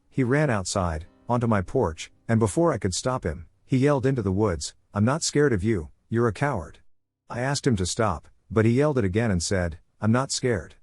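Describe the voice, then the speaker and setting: A man voice actor reading a first-person horror story as scripted narration, in a steady, grave storytelling manner. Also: on the low side, dry recording.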